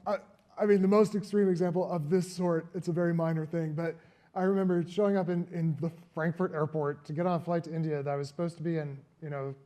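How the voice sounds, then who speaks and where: A man, an author and guest speaker, talking reflectively at a live public conversation and telling animated stories with frequent laughter. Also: a little high. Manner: reflective, animated storyteller who laughs often.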